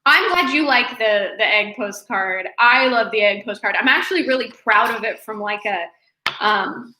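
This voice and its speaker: A woman's voice: a little high, expressive, normal speed, bright, forceful tone, echoey room, poor audio. A stuffy, congested woman in her twenties, chatting casually on a live stream from her apartment and rambling with lots of fillers and restarts. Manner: chatty, rambling, many fillers and self-corrections. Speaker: artist live-streaming from home.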